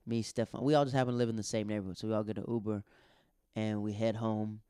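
Young male stand-up from the South, loose animated storyteller, clean voice, dry recording. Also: fairly low pitch, fast, clear, resonant tone, no room sound. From American South. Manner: loose, animated retelling with acted-out quotes. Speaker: stand-up comedian. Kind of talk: casual storytelling monologue.

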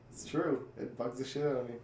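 A young man hosting a casual podcast chat, telling stories with swearing, loud impressions and frequent laughter. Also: mid-range voice, slight background noise. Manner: animated storytelling with shouted impressions and laughter. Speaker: podcast host. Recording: echoey room.

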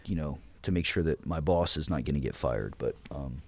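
With a very deep, husky voice at a moderate pace, this thirty-something podcast guest recounts running his platoon. He's blunt and swears freely, repeating the orders he gave as he tells his stories casually.

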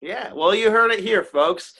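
A man's voice: high-pitched, unhurried, pushed and bright, husky. A man hosting a casual interview, asking questions in a friendly, encouraging way. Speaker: interview host.

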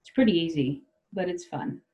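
Woman, podcast host, casual chat, lowish voice, dull audio. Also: animated, moderate pace, dark tone. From South Dakota. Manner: loose, laughing, acts out quoted lines.

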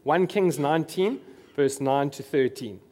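A man's voice: fairly high pitch, measured pace, darkish tone. Earnest preacher man. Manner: earnest, emphatic repetition of key phrases. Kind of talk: sermon.

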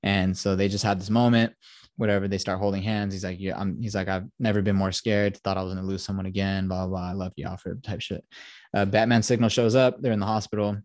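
A man's voice: low-pitched, flat delivery, fast, a little mellow, no echo, studio quality. A man hosting a podcast, recapping a film in a casual, profane, rambling way and quoting the characters. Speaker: podcast host.

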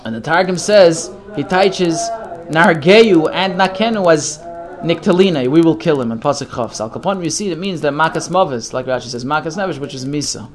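A man's voice: on the high side, lively intonation, fairly quick. A man leading a text study class, reading each Hebrew phrase and then translating it. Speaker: Torah teacher.

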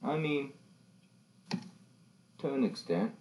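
A young man co-hosting a casual podcast chat, speaking in a dry, low-key, matter-of-fact way. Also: expressive, slow pace, darkish tone, slight background noise.

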